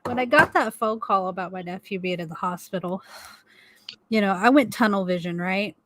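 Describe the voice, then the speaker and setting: Co-hosting a home live stream, a middle-aged woman at medium pitch and moderate pace rambles through a story, swearing plenty and laughing often in an animated way. There's no echo on the audio.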